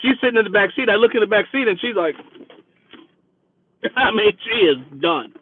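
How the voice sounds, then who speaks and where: A man who drives for a rideshare service, hosting his vlog and retelling a ride in a chatty, animated way. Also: high voice, moderate pace, breathy edge. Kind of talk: casual storytelling. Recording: dry, phone-like lo-fi sound.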